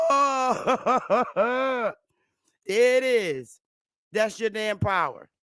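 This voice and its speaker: Woman host of her own vlog; slow, laughing, swearing rant at viewers, recorded dry and close. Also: medium pitch, animated, a bit bright, clear, resonant tone, no echo. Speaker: vlogger. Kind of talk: profane comic rant to viewers. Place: at home, sitting in a chair.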